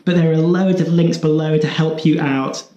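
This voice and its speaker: A man wraps up a family travel vlog in a friendly tone, his voice pitched a little high. It is mellow and sounds like it was recorded in an echoey room. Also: fairly even intonation, normal speed, dull audio. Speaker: travel vlogger. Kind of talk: vlog sign-off.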